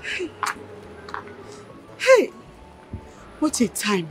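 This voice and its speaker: A defiant Nigerian widow with a high voice, firm and sharp as she stands her ground. Faint film music sits behind her. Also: huge pitch swings, very slow, heavily acted. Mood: regretful. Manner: defiant, shouting back. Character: defiant young widow, unhappily remarried.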